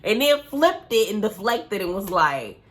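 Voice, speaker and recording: A woman's voice: medium pitch, big pitch swings, a little slow. A woman casually recapping a reality show episode, opinionated and slangy, full of fillers and asides.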